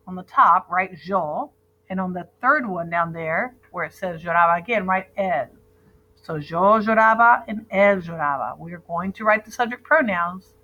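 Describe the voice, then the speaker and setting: In a muffled recording, a woman who teaches Spanish runs a grammar lesson in class, having students repeat verb endings after her. She keeps an unhurried, steady pace, stays patient and clear, and her pitch is plain mid-range for a woman.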